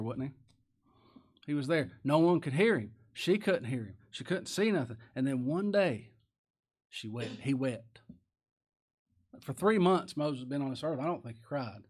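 A man with a medium-pitched voice preaches a sermon in a folksy, plain-spoken style. He often poses questions to listeners and raises his voice to loud cries for emphasis.

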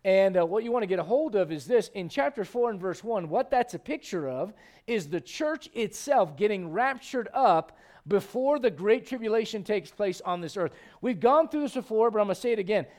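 A high-pitched male pastor preaches in a church sanctuary. He keeps tossing rhetorical questions to the congregation and checks they are following along. The delivery is a lively sermon. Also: normal speed.

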